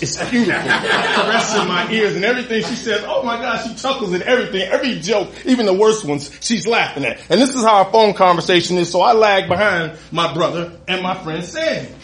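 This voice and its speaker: High-voiced man telling a comic story on stage. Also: reverberant. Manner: animated, comic, profane asides. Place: stage in a venue.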